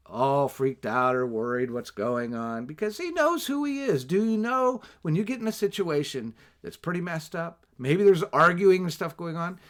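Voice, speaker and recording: A man preaching a Bible teaching sermon on a livestream, animated, with asides and rhetorical questions. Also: high voice. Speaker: pastor.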